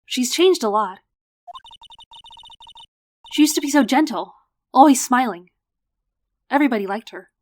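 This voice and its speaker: A woman voicing an eager, excitable young girl who loves science. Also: sits high, measured pace, pauses often, slight background noise, voice pushed up. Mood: wistful. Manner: excitable, bossy.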